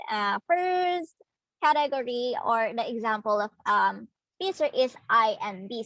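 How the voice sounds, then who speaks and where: A young woman with a Filipino accent leads a demo lesson, her voice sitting a little high. She explains at an unhurried pace, stopping to search for words. The sound is dry and close. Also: a bit bright, no echo, poor audio. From Philippines. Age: young adult. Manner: slow, hesitant, explaining to students. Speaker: student teacher.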